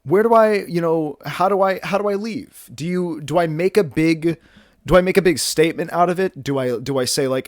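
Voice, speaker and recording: Here a fairly high-pitched man in his twenties speaks a little fast in a casual home vlog, slightly breathless. He meanders, jokes at his own expense, and stumbles through fillers and restarts. The audio is clean studio quality without room sound.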